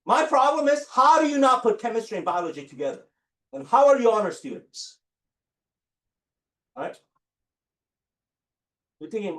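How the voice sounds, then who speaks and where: A man teaching a high school chemistry class and telling stories, with an animated delivery that keeps asking the students "right?". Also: moderate pace, pauses often. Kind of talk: classroom lecture with storytelling.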